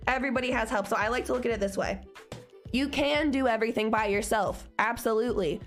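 A woman's voice: on the high side, fast, soft background music. A young woman co-hosting a podcast, chatting casually in a loose, profane, confident pep-talk manner. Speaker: podcast co-host. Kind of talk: casual chat.

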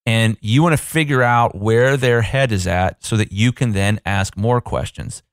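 A man in his thirties, a business coach, talks through a relaxed podcast episode in a lowish, clean-toned voice. Chatty and self-deprecating, he adds quick asides, recorded close and dry with no room sound.

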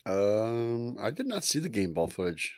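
Low-voiced man reciting football stats. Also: sing-song, measured pace, a little mellow, dry recording, studio quality. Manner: laid-back, reels off stats with fillers. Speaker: podcast co-host. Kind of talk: casual sports talk.

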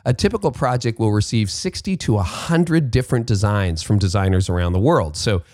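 A man's voice: lowish voice, a little fast, darkish tone, no echo, studio quality. Upbeat man hosting a podcast. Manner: upbeat, chatty, fillers like "um" and "like". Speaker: podcast host. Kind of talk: podcast ad read and interview.

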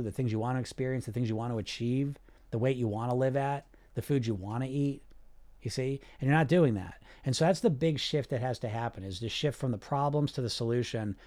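A man hosting a podcast as a weight loss coach, talking directly and casually, often throwing in rhetorical questions and check-ins. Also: medium pitch. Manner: direct and animated, asks rhetorical questions and checks in with "right?" and "you see?"; casual, sometimes swears.

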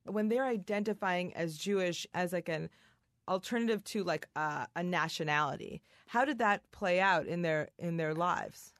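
A woman's voice: on the low side, moderate pace, fairly bright tone, no room sound. Woman host asking questions, dry sound. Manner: conversational, jokey asides. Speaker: podcast host. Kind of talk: casual interview conversation.

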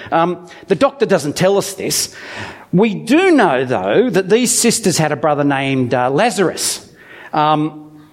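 Animated, high-voiced male preacher. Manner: animated storytelling with humorous asides. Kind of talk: conversational sermon with Bible reading.

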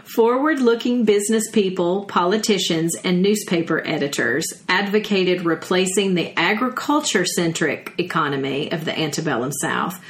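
A woman with a Southern US accent talks in a chatty, animated way and throws in folksy exclamations. Her voice sits a little low. She co-hosts a casual podcast and now and then reads from an article. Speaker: podcast co-host. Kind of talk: casual chat, reading from an article.

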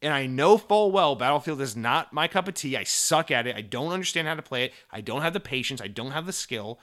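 A man hosting a casual gaming podcast, rambling and venting with lots of swearing and animated mock dialogue. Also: mid-range voice, a little fast. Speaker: podcast host.

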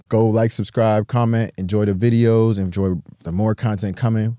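A young American man chats easily as a podcast host, agreeing and tossing in slang. His voice sits low and mellow, and it is recorded dry and close. He keeps it laid back throughout. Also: no room sound. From United States. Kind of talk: casual chat.

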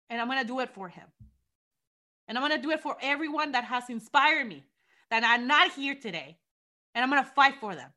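A woman's voice: high-pitched, pushed and bright. A woman from Mexico with a Mexican accent, a wrestling champion speaking with passion in an interview, often repeating herself.

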